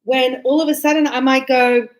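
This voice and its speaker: Animated middle-aged woman English teacher, high voice, acts out examples. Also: moderate pace. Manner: animated, acts out little dialogues. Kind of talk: lively teaching explanation with acted examples.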